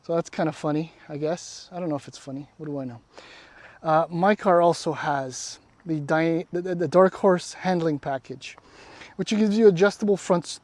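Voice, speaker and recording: A man's voice: a little high, darkish tone, no room sound. A man, casually walking around and reviewing a car outdoors, rambling and wry, often trailing off. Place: outdoors beside a parked car.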